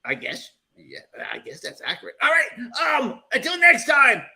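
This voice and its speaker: A man's voice: extremely high pitch, huge pitch swings, moderate pace, gravelly, bright, forceful tone, pitched above the performer's own voice, exaggerated voice. A man putting on a boastful, hammy character host who talks in a showy, rambling, folksy way. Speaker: segment host. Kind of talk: comic character bit on a livestream chat show.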